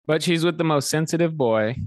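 A man's voice: a little high, brisk, no echo. A young man co-hosting a casual movie review chat, blunt and jokey with crude slang. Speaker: podcast co-host.

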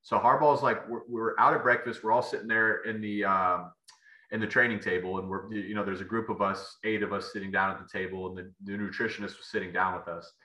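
A man with a low-set, very bright and sharp voice tells stories about his playing days as a podcast guest. He rambles and restarts his sentences, padding them with fillers. The room around him rings with echo. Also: steady tone, a little fast. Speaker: podcast guest, former football player. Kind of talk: casual storytelling interview. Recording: echoey room.

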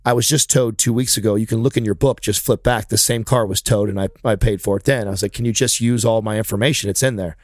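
A man's voice: lowish voice, quick pace, hardly any pauses, dry recording, clean studio sound. A man telling a long story in casual chat, swearing often and getting heated as he goes. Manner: profane, animated, heated storytelling.

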